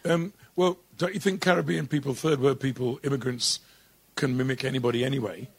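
Husky-voiced middle-aged English man, animated storyteller, dry close sound. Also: mid-range voice, a little fast, no echo. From England. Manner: animated, slips into voices and laughs while telling stories. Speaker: impressionist guest. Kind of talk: interview storytelling.

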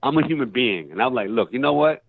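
Animated storytelling man on a tinny line. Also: medium pitch, fast talker, gravelly, no room sound. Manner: animated, acts out quoted voices loudly. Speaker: actor guest. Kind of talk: casual interview storytelling.

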